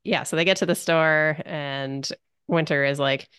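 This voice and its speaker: A deep, low-pitched woman's voice, dry and close to the mic. She recaps an episode in relaxed chat, laughing easily and slipping into the characters' lines. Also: a little slow, clear, resonant tone, no echo. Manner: laughs often, acts out quotes. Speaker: podcast co-host.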